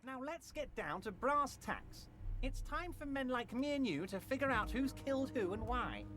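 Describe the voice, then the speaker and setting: An actor voicing a smooth, ingratiating older male union boss in a video game, played over music. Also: extremely high pitch, big pitch swings, moderate pace, fairly bright tone, exaggerated voice. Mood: schmoozing. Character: scheming jovial old male union boss.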